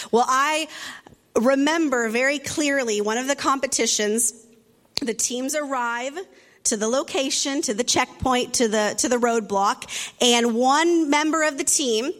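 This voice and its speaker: A woman pastor preaches in a high, light voice, telling a story and acting out the people in it. She breaks into quick asides to her listeners and talks to them directly. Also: fairly bright tone. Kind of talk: sermon.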